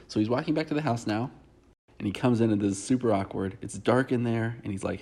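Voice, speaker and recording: A man's voice: on the low side, brisk, creaky, mellow, slightly rough. A man hosting a comedic breakdown of a reality show, talking in a sarcastic, mocking way. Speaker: comedy recap host.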